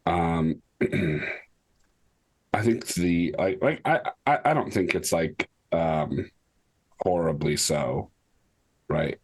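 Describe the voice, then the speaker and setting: A man at a tabletop game, talking casually in a halting, hesitant way. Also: low-pitched, breathy edge. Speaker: player.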